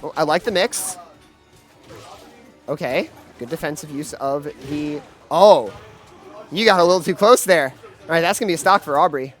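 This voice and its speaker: A man doing live play-by-play commentary at a gaming event, excitable and full of fillers and restarts. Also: fairly high pitch, normal speed, long pauses, soft background music. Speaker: esports commentator.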